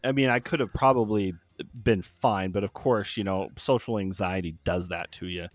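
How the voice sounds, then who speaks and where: A man's voice: sits low, normal speed, dry recording. A man hosting a podcast, telling a self-deprecating story in casual chat with stumbling restarts. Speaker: podcast host.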